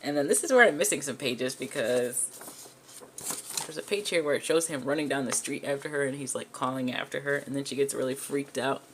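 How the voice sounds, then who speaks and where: A woman's voice: extremely low pitch, a little fast, slight background noise. A woman looking back at her old comic drawings in casual commentary, wry and self-mocking. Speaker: vlogger and artist.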